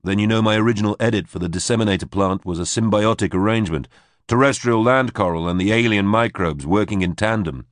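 A man's voice: fairly low pitch, fast, no echo, natural voice. A man voicing a bitter, wry man trapped inside an alien, talking dry and blunt.

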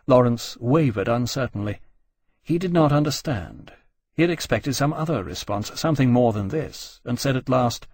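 A man narrating a novel in a measured, even reading. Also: medium pitch, breathy edge, no echo. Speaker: audiobook narrator. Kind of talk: scripted narration.

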